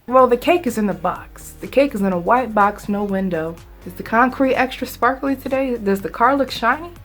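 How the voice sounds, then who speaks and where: A woman vlogger telling a dramatic story in a casual, animated, conversational way. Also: on the high side, moderate pace, soft background music.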